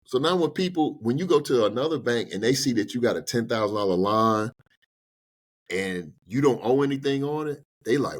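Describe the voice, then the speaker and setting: A man giving personal finance advice in a casual podcast conversation, talking in an animated, colloquial way and acting out little exchanges with banks. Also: medium pitch, normal speed. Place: podcast studio.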